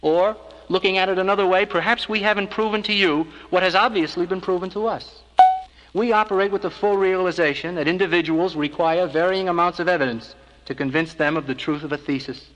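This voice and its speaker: A man with a fairly high voice delivers scripted filmstrip narration in a measured, earnest tone, pressing his case steadily. The sound is an old 1970s filmstrip track with a long hall reverb trailing each phrase. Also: a bit bright. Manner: measured, earnest persuasive address. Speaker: organization spokesman narrating a filmstrip.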